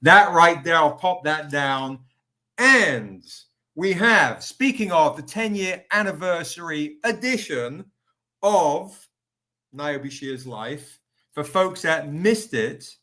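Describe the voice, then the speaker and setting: A man with a fairly high voice runs a casual live stream, greeting viewers by name and pushing comic editions with chatty enthusiasm. He sounds a little tired, as if still recovering, but keeps the pitch upbeat. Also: sharp tone. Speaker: livestream host selling comics.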